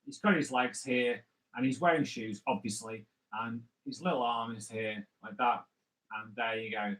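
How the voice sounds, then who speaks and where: A comic creator hosts a live draw-along stream, joking and chatting playfully while sketching viewers' requests. His medium-pitched voice is a bit bright at normal speed, on a low-quality recording.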